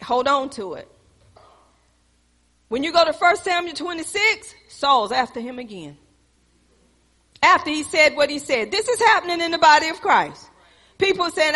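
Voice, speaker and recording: A woman's voice: high voice, very animated, measured pace, long pauses, sharp tone. A woman preacher delivering a sermon and rising into fervent exhortation to her congregation. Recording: long hall reverb.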